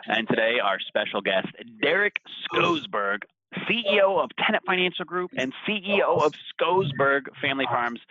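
A man co-hosting a business podcast, introducing a guest and asking questions in an energetic manner. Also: a little high, normal speed, gravelly, slight background noise. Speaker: podcast co-host. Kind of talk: upbeat show hosting. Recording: dull lo-fi sound.

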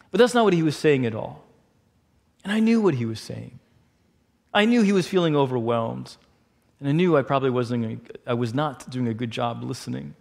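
A man telling a personal story in a chatty, animated way, full of fillers. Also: mid-range voice, normal speed, vocal fry. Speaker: speaker. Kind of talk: storytelling talk.

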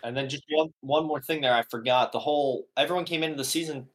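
Thoughtful podcast co-host, easygoing. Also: male voice, fairly high pitch, steady tone, fast talker. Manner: thoughtful, explains his opinions. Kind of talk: casual chat.

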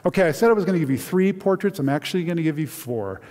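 A man's voice: on the high side, animated, racing, darkish tone. A man preaching a sermon in an earnest, openly moved way, reading a story and leading a prayer. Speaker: pastor. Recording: reverberant hall.

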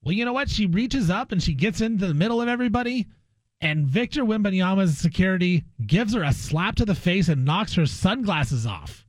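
A man with a fairly high voice hosts a sports radio show, telling stories in an animated and joking way. His voice is close to the mic and dry, with no room sound. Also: brisk, dry recording. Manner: animated, jokey storytelling. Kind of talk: casual sports radio chat.

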